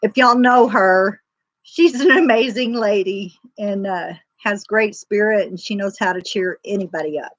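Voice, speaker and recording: A woman chatting on her livestream in a loose, folksy, rambling way, full of "you know" and "um". Her voice sits at an ordinary middle pitch and sounds close and dry, with no room echo. She talks as if to friends. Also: moderate pace. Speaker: livestream host. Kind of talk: casual faith-driven livestream chat.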